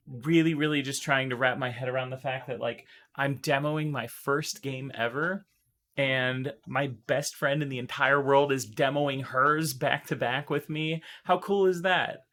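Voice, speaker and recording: Still recovering, this man's voice carries some strain as he chats on a live stream. He's emotional and easily excited, rambling and restarting, with a voice in the middle range.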